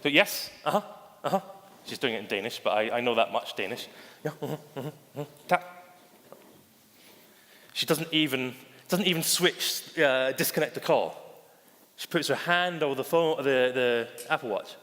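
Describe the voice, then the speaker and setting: A man's voice: mid-range voice, moderate pace. A man giving a conference keynote as a bank digital chief, theatrical and storytelling, calling out to the audience and acting out quoted voices. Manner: theatrical, addresses audience as ladies and gentlemen; acts out anecdotes with quoted voices. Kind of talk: keynote presentation. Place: conference stage. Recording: reverberant conference hall.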